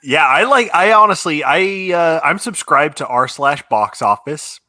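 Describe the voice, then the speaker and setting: A man's voice: fairly high pitch, lively intonation, measured pace, bright, forceful tone, dry recording, studio quality. A man co-hosting a casual podcast, hesitant with restarts and casual swearing. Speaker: podcast co-host.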